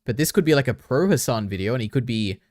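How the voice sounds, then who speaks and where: A man's voice: mid-range voice, lively intonation, quick pace, darkish tone, dry recording, studio quality. A young man streaming, reacting to videos in an offhand, chatty way and thinking aloud.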